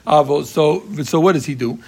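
Man, high voice, gravelly, Talmud class leader, animated, repeats and acts out cases. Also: normal speed. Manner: animated, excitable, explains by repeating and acting out cases. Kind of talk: lively Talmud study session.

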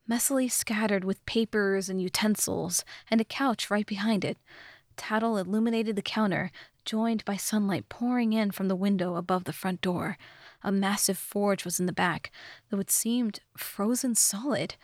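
A woman reads a fantasy story aloud as an audiobook narrator, steady and measured in a middle register. The recording is close and dry, with no room around her. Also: mid-range voice, dry recording. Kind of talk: scripted narration.

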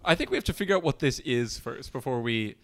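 A man's voice: mid-range voice, animated, fast. A man co-hosting a podcast in casual chat, rambling and self-deprecating with a joking tone. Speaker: podcast co-host.

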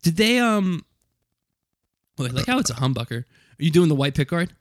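Casting: male podcast co-host, slightly high voice, hesitant rambling delivery, dry close mic. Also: big pitch swings, fairly quick, no room sound. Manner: rambling, hesitant, lots of restarts and laughs. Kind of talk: casual chat.

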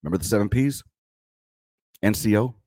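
Blunt, low-voiced man hosting a podcast. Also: expressive, fairly quick, darkish tone, no room sound. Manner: blunt, profane, joking military slang. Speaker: podcast host; military veteran. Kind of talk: casual commentary on clips.

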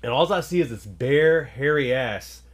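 A man's voice: mid-range voice, lively intonation, moderate pace, very noisy. A young man, a podcast co-host, telling a profane, rambling story with lots of laughing. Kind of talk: casual storytelling chat.

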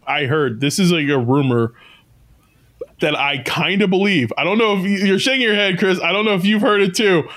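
A man's voice: sits high, moderate pace, fairly bright tone. A man co-hosting a casual podcast chat, rambling, swearing and laughing often. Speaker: podcast co-host.

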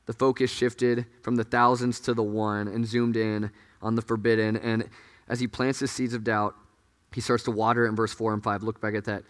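Earnest pastor preaching in an echoey hall. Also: male voice, lowish voice, flat delivery, normal speed. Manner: earnest, conversational preaching, dropping to hushed tones. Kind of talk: sermon.

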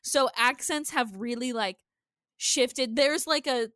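Female co-host, high and bright, casual and profane, dry recording. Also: slow, clear, resonant tone, no echo. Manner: profane, animated ranting. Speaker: podcast co-host. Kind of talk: casual chat.

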